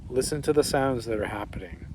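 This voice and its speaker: A man's voice: mid-range voice, lively intonation, fairly quick, noisy background. A man talking to camera outdoors in a rambling, profane, reflective way, often restarting his sentences. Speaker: vlogger. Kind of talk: casual reflective monologue. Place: outdoors among trees. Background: breeze and distant ambience.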